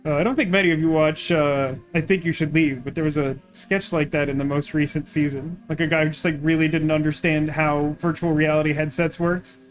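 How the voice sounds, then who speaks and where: A woman's voice: low-pitched, fairly even intonation, fairly quick, few pauses. A woman making wry, rambling asides while playing a video game. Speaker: let's play commentator. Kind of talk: casual game commentary. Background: faint game music.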